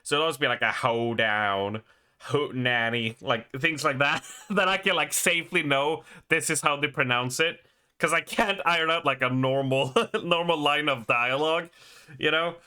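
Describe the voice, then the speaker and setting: Bright-voiced Australian man streaming. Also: a little high, normal speed, clear, resonant tone. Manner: rambling, laughing often, many fillers. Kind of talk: casual chat while gaming.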